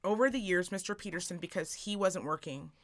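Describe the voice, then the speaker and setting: A woman telling a story on a casual podcast. Her voice is fairly low for a woman, and it rises and falls as she acts out the people in her tale. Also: brisk. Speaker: podcast co-host.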